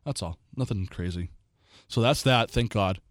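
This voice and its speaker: Co-hosting a casual podcast chat, a man with a fairly low voice tells stories at a normal speed and acts out what people said with animated energy. The studio sound is clean, with no echo.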